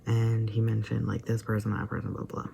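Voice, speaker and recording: A man talks through his reactions in a loose, rambling vlog style, stacking up fillers and slipping into near-whispered asides. His voice has a gravelly edge and a dark, mellow tone. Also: on the low side, completely flat delivery, brisk, a little hiss or hum. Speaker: vlogger reacting to a video. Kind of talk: casual rambling commentary.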